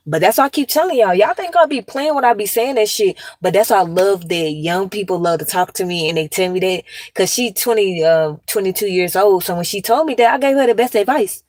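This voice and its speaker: A woman's voice: mid-range voice, expressive, a little fast, few pauses, a little mellow, no room sound. A young adult woman from the United States giving a blunt, profane, emphatic commentary rant straight into the mic. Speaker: commentary vlogger. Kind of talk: casual ranting commentary.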